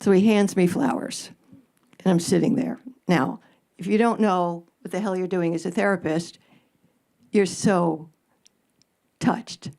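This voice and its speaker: A woman's voice: on the low side, measured pace, vocal fry, long pauses, a little mellow. An older woman, a radio advice host answering audience questions at a live event, blunt and sarcastic, with casual swearing and punchy jokes. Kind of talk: live stage Q&A.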